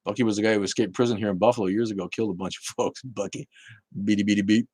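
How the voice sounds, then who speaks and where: A man's voice: lowish voice, fairly even intonation, rapid-fire, a little mellow, husky, dry recording. A man hosting a casual livestream, chatting bluntly with viewers, swearing and laughing often. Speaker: livestream host reading chat.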